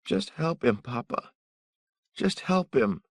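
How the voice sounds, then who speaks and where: A man's voice: medium pitch, big pitch swings, slow pace, slightly rough, no room sound, studio quality, pitched above the performer's own voice, full character voice. A man doing a frightened young boy. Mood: tearful pleading. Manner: soft, pleading.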